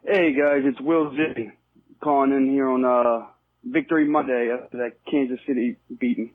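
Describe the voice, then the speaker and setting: An upbeat man with a Baltimore accent leaving an excited voicemail for a podcast. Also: mid-range voice, moderate pace. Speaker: caller. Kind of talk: voicemail call-in. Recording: tinny phone line.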